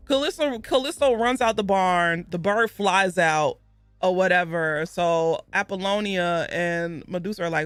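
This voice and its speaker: Chatty book-club vlogger with a bright voice. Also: medium pitch, no echo. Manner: chatty and rambling, with self-corrections and asides. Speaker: book club video host. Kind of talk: casual book recap.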